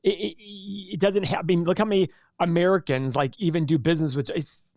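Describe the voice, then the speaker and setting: A man's voice: on the high side, brisk, a little mellow, dry recording, clean studio sound. A man hosting a casual live stream and answering viewer questions in a chatty, rambling way with frequent restarts. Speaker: livestream host.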